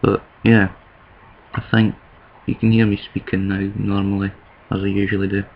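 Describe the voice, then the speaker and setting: A Scottish man talks in a casual video monologue, rambling and stopping to correct himself. His voice sits low and gravelly, with hardly any rise or fall. The sound is dull and lo-fi, like a cheap home setup. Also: little pitch movement, normal speed, slight background noise. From Scotland. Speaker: vlogger.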